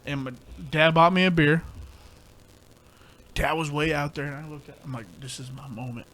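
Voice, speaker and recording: A man's voice: a little high, steady tone, moderate pace, a bit bright. A young man co-hosting a podcast, telling a rambling, profane story in casual chat. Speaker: podcast co-host.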